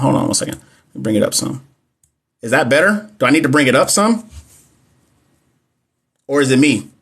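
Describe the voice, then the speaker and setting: A young man running a casual livestream on a phone or computer mic. He reads exam questions out loud and answers viewers' comments. His manner is loose, playful and full of slang, and he often talks straight back to the chat. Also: medium pitch. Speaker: livestream host teaching nursing exam questions. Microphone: phone or computer mic on a live stream.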